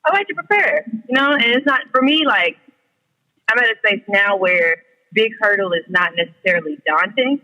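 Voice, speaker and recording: A man joining a podcast as a guest, chatting in an easygoing way. His voice is high and bright, with an open, forceful ring. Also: expressive, moderate pace, in a large hall, lo-fi sound. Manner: easygoing, laughs between thoughts. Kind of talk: casual chat.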